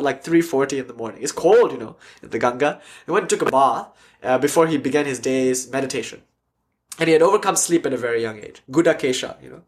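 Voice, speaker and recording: A man giving a casual lecture as a spiritual teacher, telling stories animatedly and acting out quotes. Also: fairly high pitch. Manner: animated storytelling, acts out quotes. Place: class with online audience.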